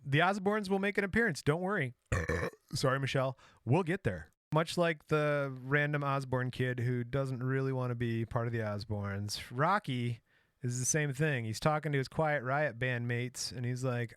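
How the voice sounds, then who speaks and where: A man's voice: medium pitch, moderate pace, fairly bright tone, clean tone, no echo, studio quality. A man casually retelling a true crime story on a podcast, joking and laughing along with his co-host. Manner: retells the story acting out quotes, laughs often.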